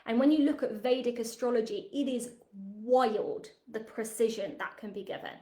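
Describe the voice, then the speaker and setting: A woman's voice: a little high, moderate pace. Chatty woman teacher in a roomy space. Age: 30s. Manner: chatty, animated, frequent "right?" tags. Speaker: spiritual teacher. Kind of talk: masterclass teaching monologue.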